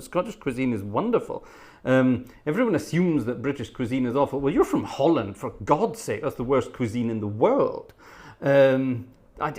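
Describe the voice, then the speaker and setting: A middle-aged British man at a medium pitch, hosting a casual live stream. He reads out viewer questions and answers them in a wry, joking way, with plenty of chatty asides. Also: darkish tone. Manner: chatty and wry, reads comments aloud then jokes back. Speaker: livestream host and organist.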